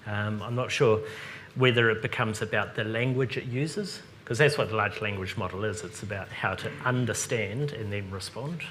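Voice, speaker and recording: Kiwi man presenting a tech seminar, relaxed and chatty, light noise behind. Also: fairly low pitch, normal speed. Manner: casual, chatty, lots of ums. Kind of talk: live seminar Q&A.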